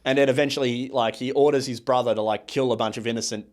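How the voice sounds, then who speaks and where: Podcast co-host, male, casual rambling recap voice, mid-pitched. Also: fairly even intonation, a little mellow. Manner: rambling, filler-heavy, acts out characters in quick asides. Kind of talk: casual movie review chat.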